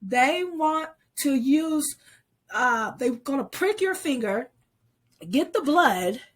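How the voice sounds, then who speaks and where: A woman vlogger who is sick and coughing, talking casually and haltingly through news, stumbling over place names. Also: high voice, expressive.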